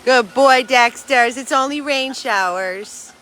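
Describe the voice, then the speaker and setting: A woman's voice: sits high, slow, bright, forceful tone, a little hiss or hum. Earnest, talkative woman vlogging outdoors. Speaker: dog rescue owner. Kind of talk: casual vlog to followers.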